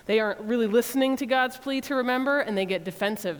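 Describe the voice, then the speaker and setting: A woman's voice: fairly high pitch, quick pace, hardly any pauses, clear, resonant tone, in a large hall. A woman preacher teaching an informal sermon, chatty and humorous, with laughing asides. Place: church.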